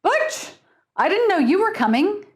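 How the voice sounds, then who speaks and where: A woman's voice: very high voice, sing-song, measured pace, voice pushed up, exaggerated voice. Woman reader doing a snappish, pompous man who barks orders; voice raised well above her own. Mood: gruff. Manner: commanding, snappish. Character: pompous self-important older male author.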